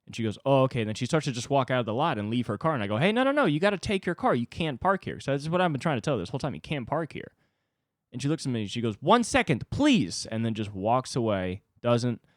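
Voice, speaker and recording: A man's voice: on the low side, no room sound, studio quality. A young man hosting a solo podcast, telling a frustrated, profanity-laced story and reflecting on his own anger. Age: young adult. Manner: ranting, profane, self-reflective. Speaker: podcast host. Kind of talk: solo confessional monologue.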